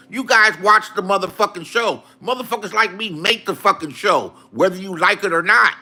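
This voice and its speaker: A man's voice: high voice, normal speed, few pauses, bright, forceful tone. A man in a profane, angry rant to his viewers, repeating insults. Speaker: online streamer.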